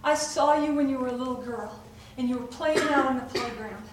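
Jesus, gently whispering, as a preacher voices him. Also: female voice, high voice, brisk, very echoey, recorded from a distance, heavy background noise, lightly acted. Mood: tender hushed. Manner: hushed, whispered tenderness. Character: gentle, tender Jesus consoling a woman.

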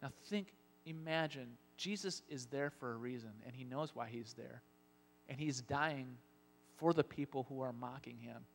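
A man preaching a sermon as pastor, telling Bible scenes with lively acted-out lines. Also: medium pitch, moderate pace, creaky, slight background noise. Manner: animated storytelling, acting out Bible scenes. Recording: long hall reverb.

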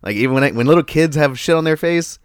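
A man telling a story in casual chat, animated and profane, laughing often. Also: fairly high pitch, fast, clean tone, dry recording, clean studio sound.

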